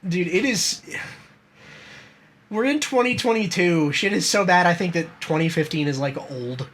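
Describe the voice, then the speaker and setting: A man's voice: high voice, moderate pace, a bit bright. A young man co-hosting a podcast, chatting casually, rambling, swearing a lot and laughing often. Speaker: podcast co-host. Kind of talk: casual chat.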